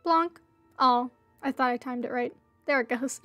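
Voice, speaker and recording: A woman's voice: sits high, fairly even intonation, normal speed, a bit bright, no room sound, faint music behind. A woman livestreaming a game, chatting casually and playfully pleading with other players. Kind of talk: casual gameplay livestream chat.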